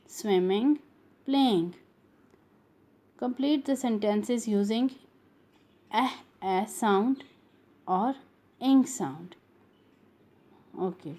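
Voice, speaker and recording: A woman's voice: mid-range voice, warm tone. A woman teaching a phonics lesson to young pupils, repeating each sound and word over and over.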